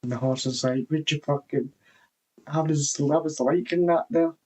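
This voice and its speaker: A man's voice: a little high, moderate pace, a little mellow, low-quality recording. A man vlogging in a meandering, rambling casual chat, swearing casually.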